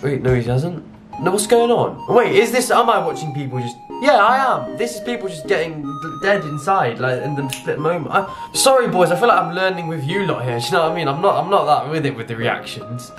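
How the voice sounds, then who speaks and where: A man's voice: a little high, expressive, fairly quick, over music. A young British man giving casual, jokey reaction commentary, with sudden exclamations. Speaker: YouTuber reacting to clips.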